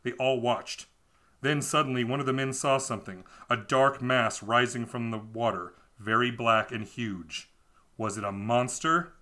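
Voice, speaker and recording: Brief: amused male podcaster, bright voice, mocking a storybook as he reads. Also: mid-range voice, steady tone, measured pace. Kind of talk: reading a children's book aloud with mocking asides.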